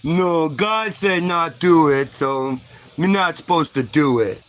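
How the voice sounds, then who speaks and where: A man voicing Adam as a simple-minded, broken-speaking first man who talks slowly and pleads. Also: on the high side, pitched below the performer's own voice. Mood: dopey. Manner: broken grammar, slow pleading. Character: dim-witted caveman-talking Adam, male adult.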